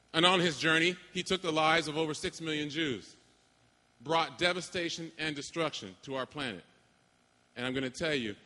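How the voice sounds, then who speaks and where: A man preaching a sermon to graduates, emphatic, with dramatic pauses and call-and-response. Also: a little high, pushed and bright. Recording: long hall reverb.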